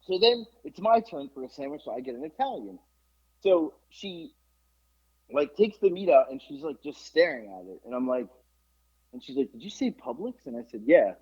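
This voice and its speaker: A man's voice: normal speed, slightly rough. A man co-hosting a podcast, telling a casual story with swearing and acted-out quotes. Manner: animated, swears, quotes people in lowered voices. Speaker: podcast co-host. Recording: muffled lo-fi podcast audio.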